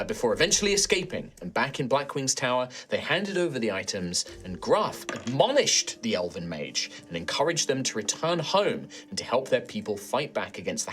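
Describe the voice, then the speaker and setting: A man, the game master of a tabletop role-playing show, narrating the story in a relaxed way with frequent ums and uhs. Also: medium pitch, husky.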